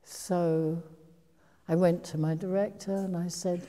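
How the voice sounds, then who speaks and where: An older actress tells a long, meandering story to a live audience. Her voice sits low and dark and the pace is unhurried. The sound carries the long reverb of a large hall. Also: level tone. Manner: meandering, reflective storytelling with restarts. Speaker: actress telling stories to an audience. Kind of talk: anecdotal public talk.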